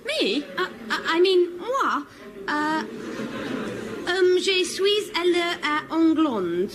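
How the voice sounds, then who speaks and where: A woman's voice: very high-pitched, sing-song, takes it slowly, noisy background, heavily acted. An actress playing a prim, fussy elderly Englishwoman on holiday in a sketch. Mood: flustered. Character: prim elderly English woman tourist abroad.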